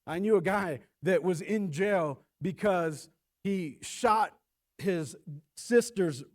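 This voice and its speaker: A man's voice: sits high, slow pace. A man preaching a sermon as pastor, acting out voices and stumbling over repeated words as he starts a thought. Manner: animated preaching, acts out voices.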